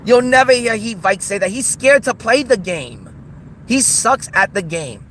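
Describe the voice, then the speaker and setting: A man's voice: high voice, lively intonation, a little slow, fairly bright tone, slight background noise, poor audio. A man hosting a livestream, ranting in a taunting, mocking, repetitive way. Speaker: streamer host. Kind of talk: livestream rant.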